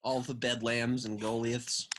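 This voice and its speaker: A man's voice: mid-range voice, flat delivery, a little slow, a bit bright. A laid-back man in a casual podcast chat who swears offhandedly. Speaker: podcast co-host.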